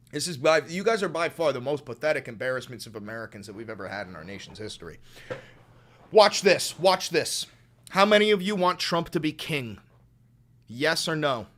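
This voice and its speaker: Profane, taunting young man with a bright voice. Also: medium pitch. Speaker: streamer, channel host. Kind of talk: live-stream political rant.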